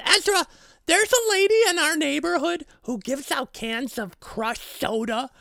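A squeaky, excitable little boy. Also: dry recording, studio quality, heavily acted. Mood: queasy. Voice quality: high squeaky voice with a gravelly edge. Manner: chatty and dramatic. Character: excitable young cartoonish boy. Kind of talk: children's podcast puppet role.

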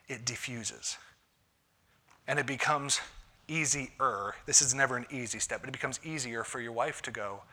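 A man preaching a conversational sermon as a pastor, moving between punchy lines and hushed asides. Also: mid-range voice, moderate pace. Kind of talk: sermon on marriage.

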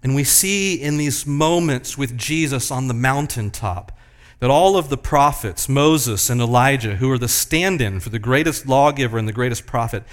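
A man preaching a sermon, moving between loud, emphatic passages and hushed, slow ones. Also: medium pitch. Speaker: pastor.

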